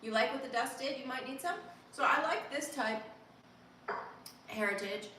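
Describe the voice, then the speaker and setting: A woman's voice: high voice, normal speed, pushed and bright, slight background noise. A woman hosting a casual live stream, chatting playfully and reacting to viewer comments as she reads them. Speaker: live streamer reading chat. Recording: echoey room, distant mic, faint ambience.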